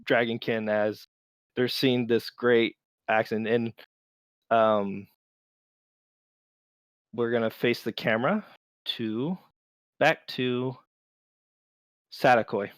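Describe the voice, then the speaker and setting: A man narrating as game master of a tabletop game, relaxed and unhurried, with many fillers. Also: medium pitch, no echo, clean studio sound.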